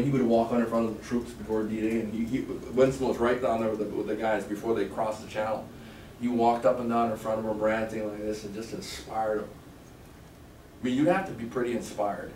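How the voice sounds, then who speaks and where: Guy teaching a sales class, lively storyteller, sounds far off in an echoey room. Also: mid-range voice, brisk. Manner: animated, storytelling, acts out phone lines. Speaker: sales trainer. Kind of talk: seminar lecture. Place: training room with a live class. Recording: echoey room, mic far off, faint noise.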